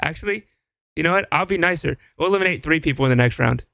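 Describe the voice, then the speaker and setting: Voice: medium pitch, expressive, fast talker, gravelly, pushed and bright, dry recording. A host running a live game show, dry and teasing while calling the turns.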